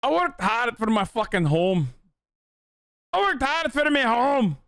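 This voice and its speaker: Man voicing a gruff older Scotsman, put-on accent, high and strained, profane. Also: big pitch swings, measured pace, a bit bright, no echo, studio quality, exaggerated voice. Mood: indignant. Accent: Scottish (put on). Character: entitled-complaining older Scottish man.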